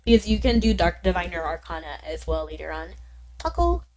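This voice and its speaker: A woman streaming a game, chatting casually with viewers in a bubbly way, with sudden high exclamations. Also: fast, darkish tone, low-quality recording. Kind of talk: casual gaming stream chat.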